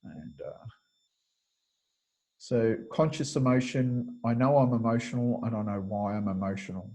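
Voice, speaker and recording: Over a video call, a male kinesiology teacher gives a webinar lecture, explaining step by step and thinking aloud with frequent fillers. His voice is fairly low, dark and husky. The recording quality is low.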